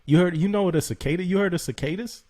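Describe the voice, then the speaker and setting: A man co-hosting a podcast, telling a story in a loose, animated way, acting out text messages and laughing often. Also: high voice, fast talker. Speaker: podcast co-host. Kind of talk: casual podcast chat.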